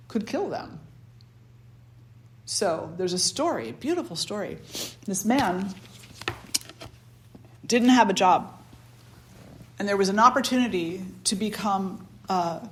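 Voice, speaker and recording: A woman spiritual teacher giving an informal dharma talk, telling a story in a chatty way and acting out the voices in it. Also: medium pitch.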